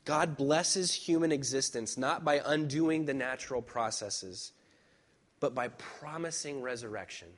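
A man preaching a sermon as pastor, speaking in a conversational, personal way with reflective pauses and emphatic repetition. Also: medium pitch.

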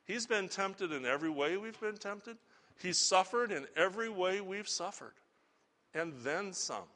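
A man's voice: high-pitched, expressive, a little slow, sharp tone. A middle-aged man preaching a sermon as a pastor, earnest and conversational, asking the congregation rhetorical questions.

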